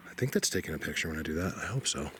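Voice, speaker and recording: A man with an extremely low, expressive voice talks very fast against a noisy background while filming himself hiking through mountain woods. Recorded on a handheld camera mic, he narrates casually, calls viewers "you guys," and is sometimes out of breath.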